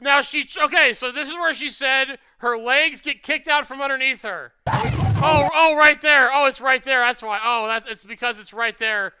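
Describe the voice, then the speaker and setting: A man streaming live reactions to a video, talking incredulously and shouting the same questions over and over. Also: extremely high pitch, normal speed, clear, resonant tone. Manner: incredulous, repeats questions loudly.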